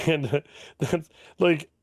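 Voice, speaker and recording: A middle-aged man co-hosting a podcast, talking about a movie in an excitable, swearing way. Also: on the high side, extremely slow, dry recording, clean studio sound. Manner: excitable, swearing, laughs while telling. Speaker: podcast co-host. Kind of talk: casual movie discussion.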